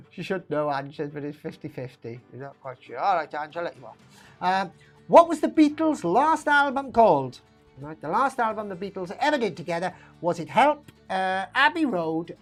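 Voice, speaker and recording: A woman runs a live online pub quiz, chatting and rambling between questions and laughing at her own asides. Her voice sits at an ordinary middle pitch, with faint music playing behind her. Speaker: quiz host.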